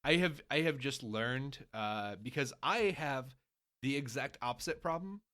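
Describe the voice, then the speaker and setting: A man's voice: mid-range voice, measured pace, pushed and bright. A married man co-hosting a casual podcast chat, laying out his points at length and with emphasis. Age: adult, married. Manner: long-winded, laying out rules with emphasis. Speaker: podcast co-host.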